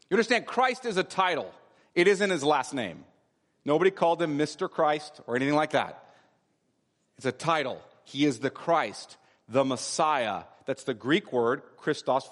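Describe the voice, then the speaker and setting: High-pitched guy preaching in a church, big echoey hall, really leans on the emphasis. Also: animated, moderate pace. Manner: expository preaching, emphatic and repetitive. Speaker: pastor. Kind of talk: sermon. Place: church sanctuary. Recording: long hall reverb.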